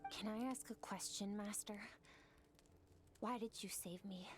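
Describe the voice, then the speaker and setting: An actress playing a determined young swordswoman who speaks in a quiet, resolute way, heard in game audio over music. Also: medium pitch, measured pace, natural voice. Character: determined young female swordswoman, cool and reserved.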